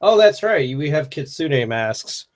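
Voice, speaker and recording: A man's voice: on the high side, big pitch swings, a little slow. A man hosting a casual livestream Q&A, talking in a rambling, profane and wry way. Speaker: livestream host answering viewer questions.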